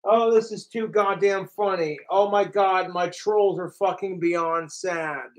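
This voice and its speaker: Male livestreamer, high pitched, unhurried delivery; profane, mocking third-person rant aimed at his trolls. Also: poor audio. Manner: mimics his trolls in sneering voices. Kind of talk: ranting livestream talk.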